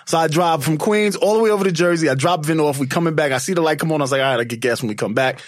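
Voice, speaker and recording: A man telling a long story to friends in casual chat, animated and often laughing, acting out what he said back then. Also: a little high, rapid-fire, dry recording, studio quality. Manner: animated, laughing, acts out his own past lines.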